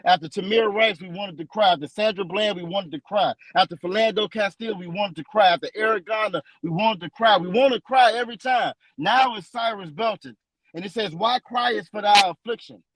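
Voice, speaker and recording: A man teaching from scripture in a preaching style, emphatic and repetitive, slowing down to read verses aloud. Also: sits high, fairly bright tone, no echo, rough recording. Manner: emphatic and repetitive, restates lines for stress; slows down when reading verses aloud.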